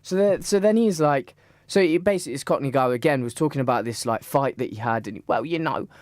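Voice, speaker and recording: Young male podcast co-host, middle pitch, dry close sound, rambling casual storyteller full of "um"s and restarts. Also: fast, darkish tone, dry recording. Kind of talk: casual chat.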